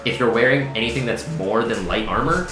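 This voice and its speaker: A man's voice: medium pitch, fairly quick. A man acting as dungeon master, explaining the rules casually, with a few restarts. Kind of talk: running a tabletop game, casual. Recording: roomy echo with music.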